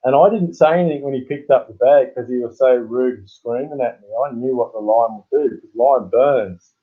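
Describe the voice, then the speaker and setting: Over tinny, phone-like audio, an Australian livestream host chats casually, rambling through stories and chuckling often. He speaks briskly at a medium pitch.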